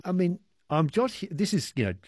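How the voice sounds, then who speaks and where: A man hosting a radio interview, asking curious questions with many hesitations and giving brisk station announcements. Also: sits high, sing-song, a little mellow. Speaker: radio host.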